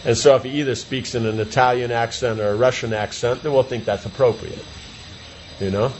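A man's voice: medium pitch, steady tone, fairly quick, darkish tone. A man teaching a class in an informal discussion, explaining with everyday examples and checking that students follow. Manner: explains with everyday examples, often asks if it makes sense. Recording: dull lo-fi sound with light noise.

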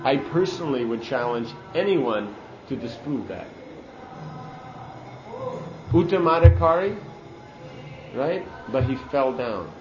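A man's voice: mid-range voice, very animated, takes it slowly, pauses often, reverberant, lo-fi sound, music in the background. Man giving an emphatic scripture lecture. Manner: earnest, emphatic teaching with Sanskrit terms. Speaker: speaker giving a scripture class. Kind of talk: sermon on scripture.

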